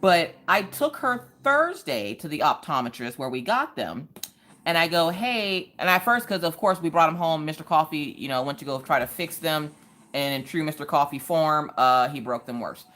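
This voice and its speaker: A woman's voice: deep voice, moderate pace. A woman hosting a craft live stream, telling a family story with sarcasm and acting out the people in it. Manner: animated, sarcastic, acts out the people in her stories.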